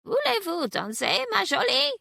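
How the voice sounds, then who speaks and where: A woman's voice: extremely high pitch, wildly swooping pitch, normal speed, vocal fry, sharp tone, no room sound, studio quality, voice pushed up, heavily acted. A woman voicing a flirtatious male pet parrot who greets people coyly in French. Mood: flirty. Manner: coy, chirpy greetings.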